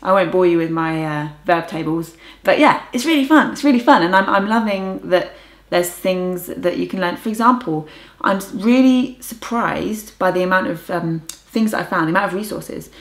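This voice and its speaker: A young woman chatting casually in a vlog about her language learning, enthusiastic and trying out foreign words aloud. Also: fairly low pitch. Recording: roomy echo.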